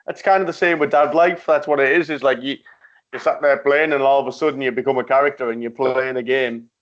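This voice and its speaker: A man co-hosting a casual chat, easygoing and halting, often restarting his sentences. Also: medium pitch, steady tone, muffled recording. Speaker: podcast co-host.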